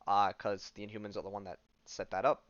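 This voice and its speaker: A podcast host retelling a comic story casually, with lots of fillers and offhand asides. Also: male voice, fairly low pitch, level tone, fast, a bit bright, highs cut off.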